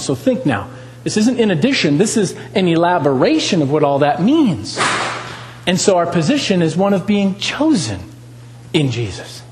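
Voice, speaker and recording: A man preaches with a high voice that climbs and drops in lively swings. He asks the congregation questions and drives his points home by repeating them. The sound carries a long reverb from a large church hall. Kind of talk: sermon.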